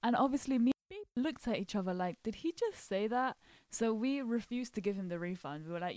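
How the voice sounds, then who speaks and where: Young woman, podcast host, lively storyteller, dry close sound. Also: a little high, fairly quick, no room sound. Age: young adult. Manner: animated, acts out quotes, laughs often. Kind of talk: casual storytelling chat.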